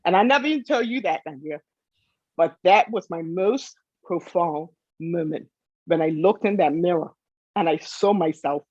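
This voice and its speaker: A woman's voice: on the low side, moderate pace, darkish tone, no echo, lo-fi sound. A woman guest telling her own story with emotion, tearful and pleading, repeating herself for emphasis. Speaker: interview guest.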